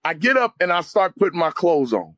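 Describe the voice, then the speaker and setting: A man's voice: sits high, very animated, brisk, a bit bright, no room sound. A man, a guest on the show, telling an emotional spiritual testimony in a fervent, vivid way and often calling his listener "man" or "brother".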